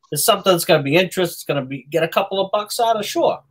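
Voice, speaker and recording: A man with a Massachusetts accent hosting a live stream, halting with lots of fillers and restarts. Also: high voice, expressive, husky, low-quality recording. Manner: halting, many fillers and repeated words. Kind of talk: casual chat.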